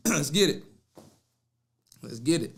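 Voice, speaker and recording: A middle-aged man talks casually into his podcast mic, offering practical advice in loose, easygoing slang. His voice sits a little higher than most men's. He keeps it friendly and conversational, like he is talking to folks he knows. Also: lively intonation, slow pace. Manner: loose, slangy and chatty, calls listeners "baby"; jokes with his producer. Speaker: podcast host.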